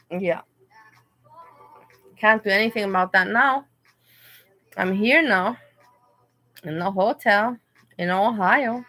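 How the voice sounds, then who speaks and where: Bright-voiced woman chatting on a livestream. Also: mid-range voice, slow pace, pauses often, low-quality recording. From Europe. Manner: animated, talks back to chat commenters. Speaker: livestream host reading chat. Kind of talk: casual livestream chat. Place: hotel room.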